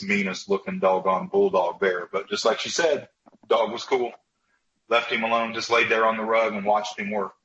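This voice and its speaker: Folksy male host, lowish forceful voice, roomy lo-fi recording. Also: slight background noise. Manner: folksy, says "man" and "y'all". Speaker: podcast host. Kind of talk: casual chat and joke telling. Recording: roomy, dull lo-fi sound.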